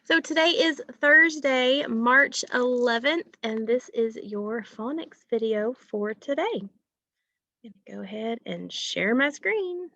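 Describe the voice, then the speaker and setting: A woman teacher giving a recorded phonics lesson to children, asking questions and pausing patiently for answers. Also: a little high, expressive, vocal fry, bright, forceful tone, no echo, dull audio. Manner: slow, patient, asks questions and pauses for answers.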